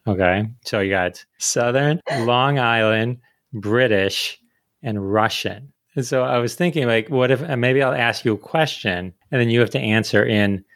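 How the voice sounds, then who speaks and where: A man hosting a casual chat, playful and quick to laugh, with lots of filler words. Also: medium pitch, a bit bright, no room sound, studio quality. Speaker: host.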